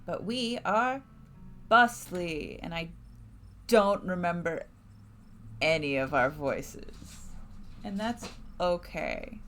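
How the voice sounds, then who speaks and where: Chatty, slow-talking woman streamer. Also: on the low side, lively intonation, fairly bright tone, faint music behind. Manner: chatty, rambling, enthusiastic with many fillers. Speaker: streamer playing a narrative game. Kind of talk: casual let's-play chat.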